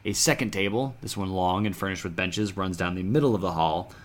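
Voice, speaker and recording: Laid-back low-voiced man game master. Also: brisk. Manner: laid-back, rambling, full of fillers. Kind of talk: narrating a tabletop game.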